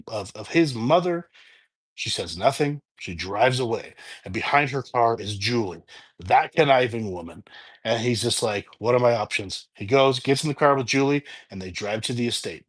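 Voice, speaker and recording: A man's voice: mid-range voice, fairly bright tone. Man casually retelling a movie's plot. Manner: rambling plot retelling with restarts, unscripted. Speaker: movie reviewer. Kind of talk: casual spoken film review.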